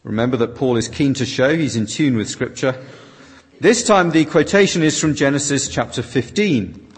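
A man's voice: mid-range voice, expressive, normal speed, breathy edge. A man preaching a sermon that is interpreted line by line, reading his quotations out dramatically. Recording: long reverb of a large hall.

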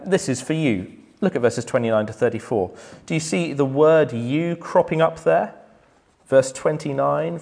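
An earnest man preaching from the pulpit. He leans into key lines with rising force, then eases down to a quiet, low delivery. His voice sits at an ordinary male pitch. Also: vocal fry. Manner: earnest, swells loud on key points then drops soft. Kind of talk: sermon.

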